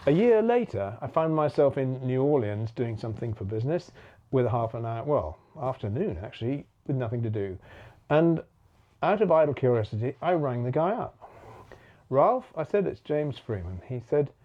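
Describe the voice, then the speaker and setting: Storyteller, male, warm mellow tone, slightly muffled recording, animated delivery. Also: a little fast. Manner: animated storyteller, acts out quoted voices with big pitch jumps. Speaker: bus preservation volunteer. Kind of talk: anecdotal storytelling talk.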